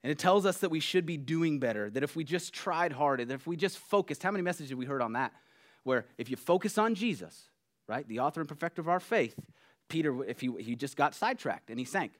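A man's voice: on the high side, lively intonation, fast talker. Earnest, conversational male pastor. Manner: earnest, conversational, swings between soft and emphatic. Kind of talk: sermon.

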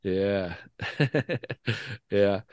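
A man's voice: on the low side, expressive, very slow, a little mellow, clear, resonant tone, no room sound, studio quality. A man interviewing a guest in casual chat, laid-back, laughing often and talking with many fillers.

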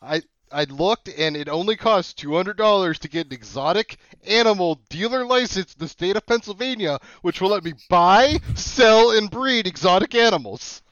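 High-voiced man, bright and dry. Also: animated, moderate pace, hardly any pauses, no room sound, dull audio. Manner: slips into a loud showman's accent for a joke zoo pitch. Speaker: podcast guest. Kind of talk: casual chat.

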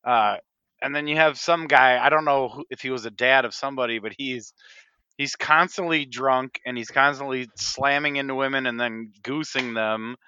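A man's voice: medium pitch, normal speed, pushed and bright, smooth, no echo, lo-fi sound. A man co-hosting a podcast, chatting easily and laughing often. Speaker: podcast co-host. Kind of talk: casual chat.

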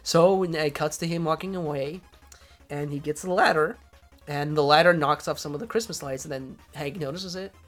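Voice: mid-range voice, normal speed, soft background music. A podcast host recapping an episode in casual chat, rambling with many restarts.

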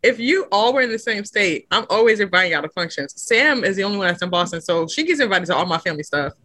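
A young woman chatting casually with friends, expressive and laughing often as she acts out what others say. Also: medium pitch, fast, no echo, poor audio. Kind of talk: casual chat among friends.

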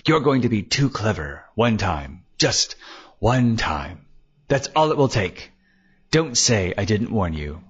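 A man's voice: fairly low pitch, very animated, takes it slowly, husky, heavily acted. A man reading the part of a hot-tempered, menacing police lieutenant who snarls threats. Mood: threatening. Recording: dull lo-fi recording.

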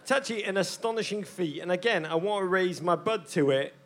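A man's voice: sits high, brisk. An English man in his forties co-hosting a podcast on stage in front of a live audience, theatrical and self-mocking. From England. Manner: theatrical, mock-grandiose, self-deprecating. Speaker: podcast co-host.

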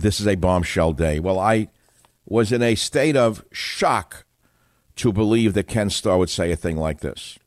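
A man's voice: fairly low pitch, dry recording, studio quality. A man hosting political talk radio, delivering an indignant, dramatic monologue. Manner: indignant, dramatic, name-calling. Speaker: radio talk show host.

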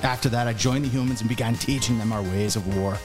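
Gruff Irish dwarf warrior, man performing, tabletop podcast, music bed. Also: mid-range voice, fast, lightly acted. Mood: grim. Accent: Irish, put on. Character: gruff battle-worn male dwarf warrior. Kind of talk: tabletop game character monologue.

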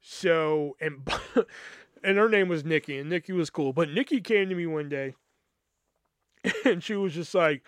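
A man in a slightly high voice tells a long personal story on his podcast. He rambles and swears freely, with lots of fillers. His voice is smooth and clear, recorded close and dry. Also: lively intonation, a little slow, long pauses, no echo. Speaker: podcast host. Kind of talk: casual storytelling.

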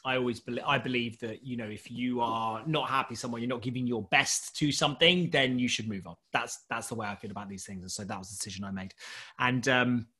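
A man's voice: mid-range voice, fast. A man, a startup founder, telling a long anecdote in casual chat, laughing often and doing voices for the people in it. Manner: animated storyteller who laughs often and does voices.

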